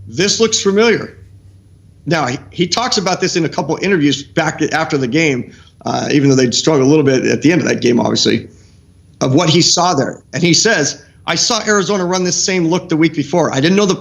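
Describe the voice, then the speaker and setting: A middle-aged man with a slightly raised pitch, breaking down football film as a guest coach on a streamed show. He gets animated as he talks. He stumbles into frequent restarts as the ideas pile up. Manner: animated, excitable, restarts often.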